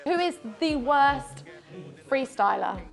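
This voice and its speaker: Brief: cheeky female presenter, high animated voice, music behind. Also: takes it slowly, vocal fry. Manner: cheeky, teasing questions.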